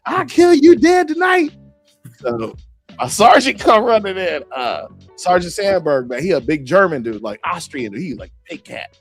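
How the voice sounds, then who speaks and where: Animated man telling wild stories. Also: medium pitch. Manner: animated, acts out quotes with shouts. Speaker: podcast host. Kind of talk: casual storytelling chat.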